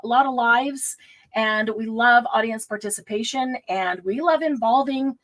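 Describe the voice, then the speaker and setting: A woman's voice: fairly high pitch, normal speed, a bit bright. A middle-aged woman hosts a casual live craft stream, chatting with a guest and viewers. She talks in an easy, rambling way, laughs a lot and now and then loses her thread.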